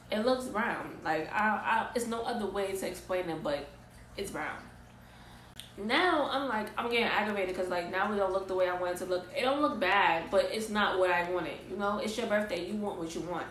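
A young woman telling an animated, exasperated storytime vlog in casual slang. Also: medium pitch, moderate pace, roomy sound, a little hiss or hum, rough recording. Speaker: vlogger.

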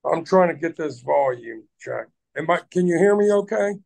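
A man's voice: fairly high pitch, expressive, moderate pace, gravelly, a little mellow. A man hosting a livestream, ranting heatedly at people in his chat and swearing heavily. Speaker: livestream host.

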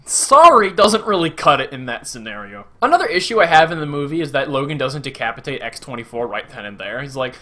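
Excitable bright-voiced man reviewing a film. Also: mid-range voice, fairly quick. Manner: animated, gushing, acts out quotes in voices. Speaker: YouTube movie reviewer. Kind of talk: excited casual movie review.

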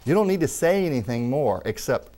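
A male preacher delivering a teaching sermon in an ordinary middle-pitched voice. He preaches emphatically and calls out amen with enthusiasm. Wry little asides and jokes slip in between points. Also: very animated, fairly quick, warm tone.

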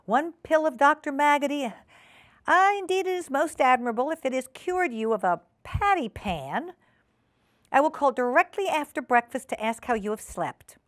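A woman's voice: high-pitched, lively intonation, moderate pace, a bit bright, no room sound, pitched above the performer's own voice. Give me a woman reading as a genteel lady cat hostess, dry and close. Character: proper lady cat hostess, brisk and polite.

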